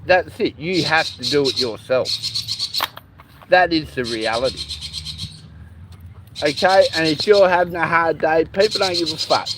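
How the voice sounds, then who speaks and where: A man's voice: on the high side, noisy background. A man in his forties with an Australian accent, venting at home in a bitter, heavily profane rant. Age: 40s. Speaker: vlogger. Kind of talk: venting monologue. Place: at home with a pet lorikeet. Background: a squawking pet bird.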